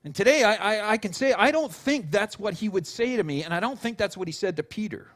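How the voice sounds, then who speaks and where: A male pastor preaching a sermon in an animated storytelling way, with casual fillers and restarts. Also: sits high, a little fast. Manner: animated storytelling, acting out quotes.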